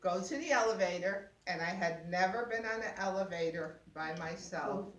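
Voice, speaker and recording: An older woman telling a lively personal story, laughing often and acting out what people said. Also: lowish voice, moderate pace, a little hiss or hum. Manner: laughing, exclaiming, acts out voices. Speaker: guest sharing a personal story. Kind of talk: animated storytelling. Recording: roomy sound, mic at a distance.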